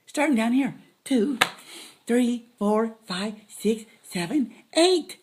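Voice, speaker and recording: A woman's voice: on the high side, expressive, slow pace, background noise. A woman giving a playful math lesson to children, dropping silly jokes as she counts. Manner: silly, joking asides.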